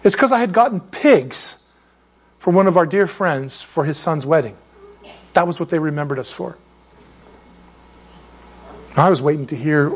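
A man preaching a sermon as a pastor, telling stories in an animated, joking way and laughing at his own asides. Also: on the high side, normal speed, pauses often. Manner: animated, jokey storytelling with laughs.

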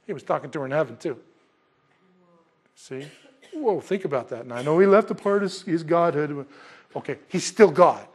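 A man preaching an expository sermon in a conversational, animated way, acting out the scenes he describes. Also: a little high, normal speed, pauses often, husky. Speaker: pastor.

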